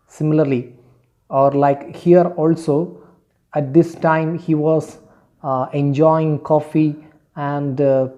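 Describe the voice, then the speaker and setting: A male teacher giving an online class, explaining a story slowly with hesitant fillers. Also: a little high, warm tone.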